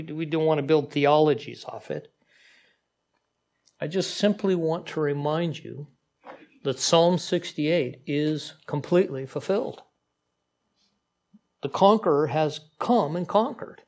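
A man preaching a sermon in a conversational, animated way, with frequent asides to the congregation. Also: fairly high pitch. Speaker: pastor.

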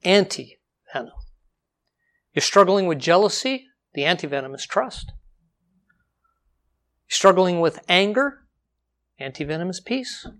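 A man preaching a sermon. His delivery moves widely, slowing to read scripture, jumping up in pitch and volume to drive a point home, then sinking to a near hush. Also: expressive. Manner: dynamic delivery, slows for scripture, jumps high for emphasis, drops to quiet.

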